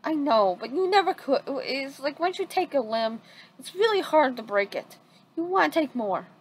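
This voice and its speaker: A woman's voice: high-pitched, animated, normal speed, a little hiss or hum, pitched above the performer's own voice, low-quality recording. A woman voicing a cocky, gleefully ruthless young boy ninja, speaking bluntly in a retold fan story. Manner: blunt, matter-of-fact.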